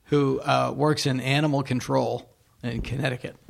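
A male comedian guest in casual podcast chat, telling rambling anecdotes with halting restarts. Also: mid-range voice, level tone, gravelly.

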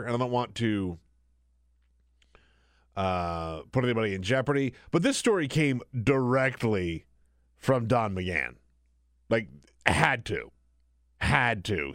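A man's voice: mid-range voice, no room sound. A man hosting a talk radio show, speaking casually and sarcastically from a radio studio, riffing and laughing about the news.

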